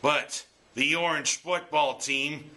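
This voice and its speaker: A man's voice: fairly high pitch, fairly even intonation, slow, bright, forceful tone. A man ranting about his local football team's loss in an exasperated, joking sports monologue. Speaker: sports commentator.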